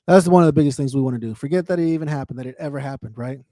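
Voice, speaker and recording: A man's voice: mid-range voice, racing, dark tone, no room sound, clean studio sound. A man talking candidly on his own livestream, swearing freely, repeating himself and speaking to viewers by name. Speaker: livestream host. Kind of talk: casual emotional chat.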